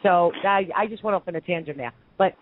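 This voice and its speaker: A woman's voice: fairly low pitch, fast, phone-quality sound. A woman from Brooklyn hosting a call-in radio show, ranting with heated opinions. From Brooklyn, New York.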